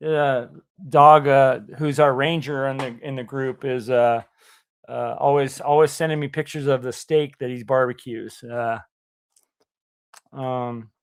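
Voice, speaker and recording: A man hosting a casual livestream chat, talking in a halting way with many fillers and restarts. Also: medium pitch, fairly even intonation, smooth. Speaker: livestream host.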